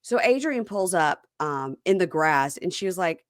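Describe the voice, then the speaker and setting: A woman talks in a casual chat, telling stories and slipping in and out of other people's voices. Her pitch moves widely, and the sound is dry and close, with no room around it. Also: normal speed, no room sound. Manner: animated storyteller who acts out quoted people in shifting voices. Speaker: podcast co-host recapping a reality show.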